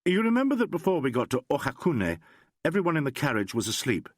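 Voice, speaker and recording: A man voicing a calm, wry male detective who speaks crisply and courteously. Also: a little high, quick pace, no room sound, studio quality, voice pushed up.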